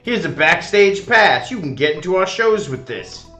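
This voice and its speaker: Man reading cocky male band musician, game character, breezy, bright voice, fairly high. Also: very animated, moderate pace, soft background music, full character voice.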